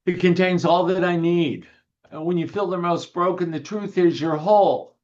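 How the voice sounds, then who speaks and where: A man, a minister, giving a sermon in a gentle, unhurried way, guiding the listeners through breathing and telling light humorous anecdotes. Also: sits high. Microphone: video call. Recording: dull lo-fi video call audio.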